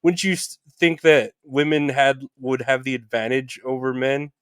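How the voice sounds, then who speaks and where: A male podcast host with a smooth, resonant voice and a mid-range pitch. He talks in a halting, friendly way, trips over his words and adds agreeable "mm-hmm"s. The sound is dry and close. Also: steady tone, fairly bright tone, dry recording. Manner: halting, restarts, agreeable backchannels. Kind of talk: casual interview chat.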